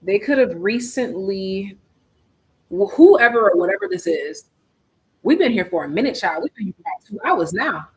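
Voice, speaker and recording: Over poor audio, a medium-pitched, expressive voice talks at a normal speed through a laid-back tarot reading on a live stream. The reader is chatty and slangy, thinks out loud, and swings from hushed asides to loud exclamations.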